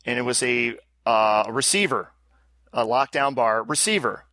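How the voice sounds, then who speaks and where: Chatty podcast dude, bright forceful voice, dry close sound, laughs a lot. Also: male voice, medium pitch, normal speed, no echo. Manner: chatty, animated, laughs easily, rambles. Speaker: podcast co-host. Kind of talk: casual chat. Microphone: remote call.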